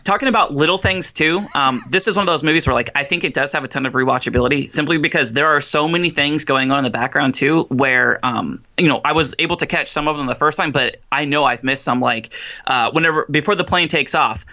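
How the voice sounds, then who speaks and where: A man's voice: a little high, fast, bright, forceful tone, dull audio. A young adult man co-hosting a movie review podcast in casual chat, thoughtful, with some hesitant restarts and chuckles.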